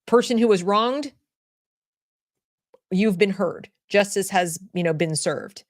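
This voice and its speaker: A woman's voice: mid-range voice, slow pace, no room sound. Blunt, opinionated woman host, dry close sound. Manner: restarts and repeats herself. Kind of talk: opinion commentary.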